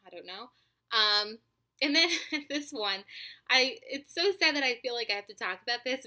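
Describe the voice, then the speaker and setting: Young woman ranting to her camera, lots of likes and ums, bright voice, swears a bunch. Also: on the high side, normal speed. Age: 20s. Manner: animated, profane, chatty with many fillers. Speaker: vlogger. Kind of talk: casual storytelling to camera.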